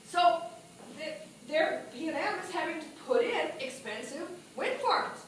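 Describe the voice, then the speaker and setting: A woman with a very high voice gives a lively speech at a party meeting and keeps asking the audience questions. She is recorded from across an echoey hall, with faint noise underneath. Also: measured pace. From New Mexico. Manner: animated, asks the audience questions. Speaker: political speaker. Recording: echoey room from a distance.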